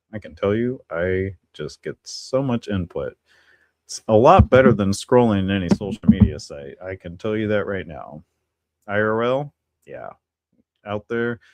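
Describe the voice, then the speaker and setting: A man's voice: low voice, a little mellow, no room sound. A man hosting a casual livestream, rambling easily with lots of fillers and little chuckles. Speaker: livestream host. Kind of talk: casual solo livestream chat.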